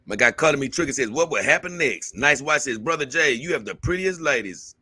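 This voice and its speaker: A man's voice: medium pitch, brisk, breathy edge. A man hosting his own channel, reading out viewer comments in a casual, drawling way full of fillers. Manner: relaxed, drawling, with many fillers. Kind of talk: casual livestream chat.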